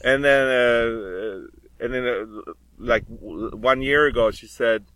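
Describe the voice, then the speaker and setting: A man's voice: mid-range voice, a little slow, fairly bright tone, no room sound, rough recording. A middle-aged man, a podcast guest, telling stories in a rambling, hesitant way with many fillers. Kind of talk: casual chat.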